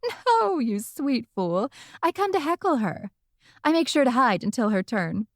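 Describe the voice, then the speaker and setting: Woman doing a smug witch heckler, teasing, sing-song high notes, dry close audiobook sound. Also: sing-song, unhurried, dry recording, heavily acted. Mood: mocking. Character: scheming middle-aged female witch heckler.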